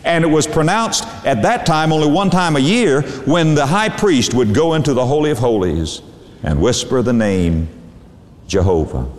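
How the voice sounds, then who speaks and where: A man preaching a sermon, drawing out words for dramatic emphasis. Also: sing-song. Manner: dramatic, drawn-out emphasis with sweeping pitch. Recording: echoey hall with long reverb.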